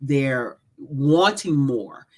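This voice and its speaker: A middle-aged woman, an executive coach and author, speaking as an interview guest in an earnest, measured way. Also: rumbling low, expressive, darkish tone. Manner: earnest, measured, lists things.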